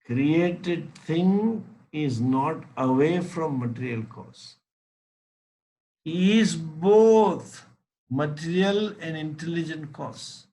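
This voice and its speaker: Slow, deliberate male spiritual teacher. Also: a little high, low-quality recording. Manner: deliberate, anecdotal, emphatic. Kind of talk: religious lecture with a story.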